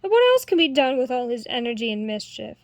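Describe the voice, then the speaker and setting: A woman reading a storybook voices a lively young woman harper who argues in an eager, earnest way. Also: sits high, quick pace, no echo.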